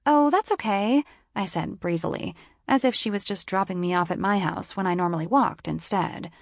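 A woman's voice: on the low side, fairly even intonation, brisk, gravelly, no room sound, clean studio sound. A woman narrating a first-person novel in a wry, sardonic storytelling manner. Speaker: audiobook narrator.

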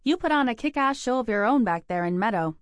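A woman's voice: fairly high pitch, animated, quick pace, no room sound, studio quality, voice pushed up, lightly acted. A woman reading the part of a playful young woman in her twenties, a teasing best friend who talks in an upbeat, sing-song way. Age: 20s.

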